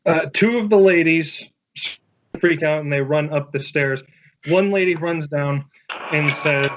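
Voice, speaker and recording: A man running a tabletop game, narrating casually with fillers and plain phrasing. His voice sits a little high, and the sound is slightly dull and lo-fi. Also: unhurried, a bit bright, slight background noise. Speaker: game master.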